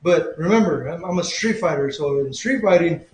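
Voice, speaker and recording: Chatty high-voiced man rambling on a livestream. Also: expressive, moderate pace, a little mellow, echoey room, a little hiss or hum, low-quality recording. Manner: rambling, self-correcting, chatty. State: drinking a beer. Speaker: livestream host. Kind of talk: casual livestream chat.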